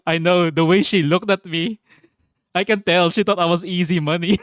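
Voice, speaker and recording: A man's voice: high-pitched, fairly even intonation, normal speed, dry recording, studio quality, lightly acted. A man quoting his naive young friend in a casual retold story. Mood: earnest.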